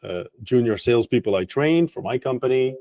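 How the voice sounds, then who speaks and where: A man hosts a business interview in a mellow voice. He agrees easily and pieces his questions together out loud with fillers. The recording is dry and close. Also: medium pitch, expressive, fairly quick, no room sound. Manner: agreeable, thinks aloud with fillers. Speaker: interview host, sales trainer. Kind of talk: conversational interview.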